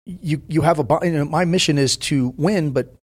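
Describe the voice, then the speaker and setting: A man in his fifties talks in a blunt, profane way, swinging into emphatic bursts as he tells stories. His voice sits a little high for a man, and he keeps it conversational, as a guest on a podcast. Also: normal speed, husky. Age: 50s. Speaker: podcast guest, former Navy SEAL. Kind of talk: casual podcast chat.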